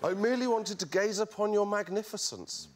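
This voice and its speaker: A man's voice: high voice, animated, a little fast, noisy background. A man with a Devon accent voicing a male hobbit thief speaking to a dragon, in a stiff amateur reading whose voice goes silly. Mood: mock-solemn.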